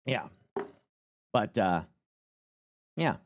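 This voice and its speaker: A man's voice: fairly low pitch, sing-song, very slow, slight background noise. A man live-streaming casual commentary, rambling and joking with plenty of swearing. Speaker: streamer reacting to a news clip.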